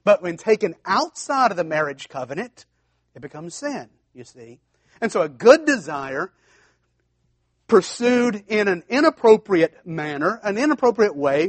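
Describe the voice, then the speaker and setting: A man's voice: sits high, no echo. A man preaching a sermon as a pastor, emphatic, repeating key phrases and often restarting his sentences.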